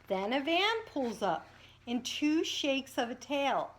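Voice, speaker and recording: Animated woman reading to preschoolers. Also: high-pitched, slow pace. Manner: animated and sing-song, talking to the kids between pages. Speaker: preschool teacher. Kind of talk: reading picture books aloud to children.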